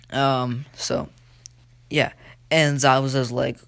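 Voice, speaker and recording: A man's voice: mid-range voice, flat delivery, measured pace, fairly bright tone. A man casually telling a fan story, rambling and swearing with many fillers.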